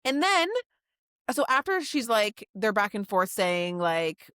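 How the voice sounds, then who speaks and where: A woman's voice: medium pitch, very animated, takes it slowly, a bit bright, clean tone, no echo, clean studio sound. A woman co-hosting a book podcast, reading out her notes and acting out the characters' lines in a casual chat. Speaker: podcast co-host.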